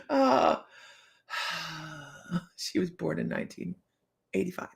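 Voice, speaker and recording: Gravelly, laughing woman in her fifties. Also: lowish voice, animated, slow pace, pauses often. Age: 50s. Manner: laughs often, playful, talks straight to viewers. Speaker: psychic reader hosting a live stream. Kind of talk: casual live-stream chat with viewers.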